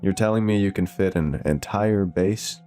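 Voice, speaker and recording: A man's voice: sits low, normal speed, mellow, soft background music, close to an everyday voice. A man voicing a humorless, bearded army general with a German accent, blunt and skeptical.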